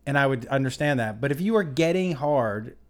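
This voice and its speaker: A man co-hosting a comedy podcast, chatting casually in an animated, swearing way. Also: medium pitch. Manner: animated, swearing, quick to laugh.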